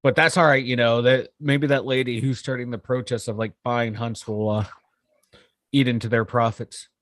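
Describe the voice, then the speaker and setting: A man's voice: medium pitch, moderate pace, no room sound. A man, co-hosting a casual podcast chat, sarcastic and self-deprecating. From western Pennsylvania. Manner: animated, sarcastic, self-deprecating, laughs often. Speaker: podcast co-host.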